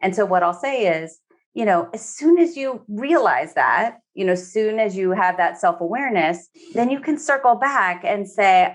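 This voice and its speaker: A woman therapist talking in a relaxed podcast conversation, filling her speech with "you know" and slipping into quoted voices. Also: medium pitch, normal speed. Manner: chatty, many fillers, acts out quoted speech.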